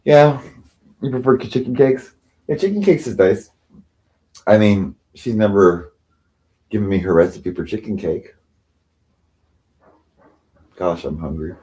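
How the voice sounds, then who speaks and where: A man's voice: lowish voice, expressive, unhurried, long pauses, dark tone. A man hosting a livestream, ranting sarcastically and with self-pity, often mocking others. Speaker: livestream host. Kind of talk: rambling livestream rant.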